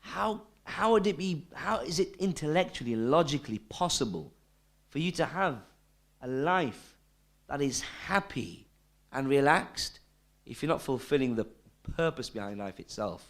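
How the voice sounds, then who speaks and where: A man's voice: fairly high pitch, lively intonation, unhurried. A man giving a recorded Islamic lesson, telling a story and asking rhetorical questions with repeated phrases. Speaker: Islamic teacher.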